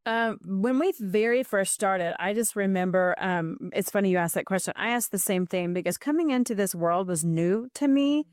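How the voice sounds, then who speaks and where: A woman's voice: mid-range voice, moderate pace, few pauses, darkish tone, no room sound, clean studio sound. A middle-aged woman, a podcast guest, telling a heartfelt story with earnest emotion and frequent restarts.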